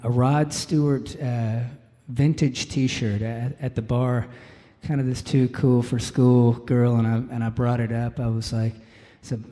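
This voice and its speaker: A man's voice: medium pitch, steady tone, unhurried, dark tone. A young man, a singer-songwriter, rambling easily through stories between songs at a live show, full of filler words and calling the crowd "man". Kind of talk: stage banter between songs. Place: live music venue stage. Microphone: stage vocal mic. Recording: reverberant live venue with music. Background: guitar.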